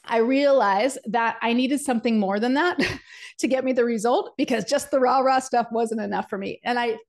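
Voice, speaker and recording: Animated woman coaching on a webinar. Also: on the high side, normal speed. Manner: animated, chatty, many "like"s and acted-out quotes; addresses the audience directly. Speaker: webinar co-host and business coach. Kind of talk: energetic storytelling presentation.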